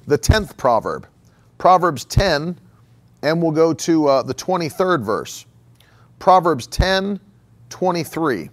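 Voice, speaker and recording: A man preaching a conversational sermon as a pastor. He repeats phrases for emphasis and chuckles often. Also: fairly high pitch.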